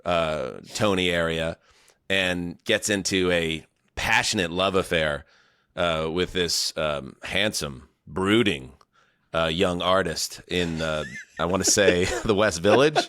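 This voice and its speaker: A man's voice: deep voice, takes it slowly, fairly bright tone, clean tone, no room sound, studio quality. A man hosting a sports podcast, wry and meandering with jokey asides. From New York area. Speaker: podcast host. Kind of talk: casual podcast chat.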